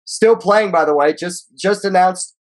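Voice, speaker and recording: A man's voice: high-pitched, measured pace. A man co-hosting a casual sports podcast, reading stats and quotes aloud in a loose, profane way. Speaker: podcast co-host.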